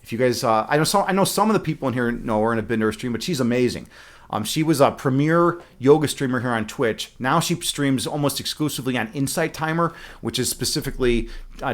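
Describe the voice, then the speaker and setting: A man live-streaming and chatting casually, a chess instructor who rambles with many fillers and restarts and laughs often. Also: mid-range voice.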